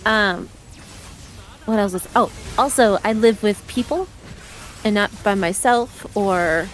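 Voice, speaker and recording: A woman's voice: medium pitch, takes it slowly, soft background music. A young adult woman streaming a game, chatting casually and laughing often through rambling anecdotes into a desk mic. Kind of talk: casual chat while gaming. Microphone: desk microphone.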